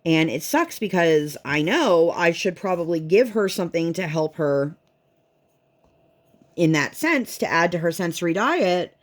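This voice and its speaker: A woman chatting casually at home while she crafts, venting and telling her story in an animated way. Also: fairly low pitch, measured pace. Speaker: vlogger and mother.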